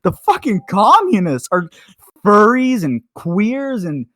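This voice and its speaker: A drunk man tears into a foul-mouthed rant, his voice sitting high and lurching up and down with every insult. He swears constantly and laughs between jabs, like a podcast cohost gone off the rails. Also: huge pitch swings, slow pace, a bit bright, no echo, studio quality.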